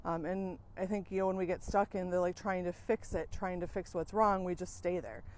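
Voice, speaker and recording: A woman's voice: fairly low pitch, fairly even intonation, brisk, a little mellow. A woman coach talking frankly to her viewers, swearing casually and using many fillers. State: out of breath. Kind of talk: casual monologue to camera.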